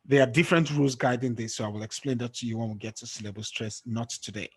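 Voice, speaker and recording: A man's voice: mid-range voice, steady tone, fast, slightly rough. A man teaching an online English lesson, patient and quizzing students, often checking with "okay?". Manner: patient, checks understanding with frequent "okay?" and quiz questions. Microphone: screen-sharing call or recording.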